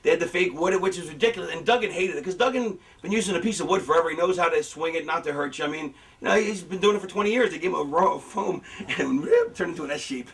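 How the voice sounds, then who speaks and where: Animated man, high voice, a bit off-mic. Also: fast talker, gravelly, hardly any pauses, distant mic. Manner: animated, acts out fan reactions in a higher voice. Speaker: former wrestler talking about booking. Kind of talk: casual rambling storytelling with profanity.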